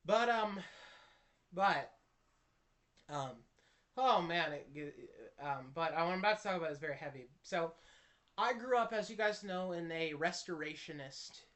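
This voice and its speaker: A man's voice: a little high, lively intonation, a little slow, long pauses, a bit bright. A man telling a personal story to camera in an earnest, impassioned way, often restarting his sentences. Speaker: Christian video creator.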